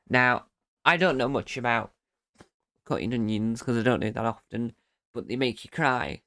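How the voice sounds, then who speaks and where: A man talks through an episode recap on his own podcast in a loose, rambling way. He keeps stopping to fix his own sentences. His voice is smooth and clear, pitched at a middle level. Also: a bit bright, no echo, clean studio sound. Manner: rambling, often correcting himself mid-sentence. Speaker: podcast host. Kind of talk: casual solo episode recap.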